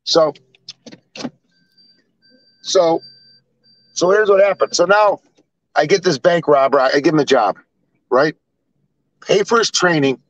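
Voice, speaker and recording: A man's voice: on the high side, unhurried, long pauses, muffled recording. An older man telling blunt, rambling stories with swearing. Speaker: storyteller. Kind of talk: casual storytelling.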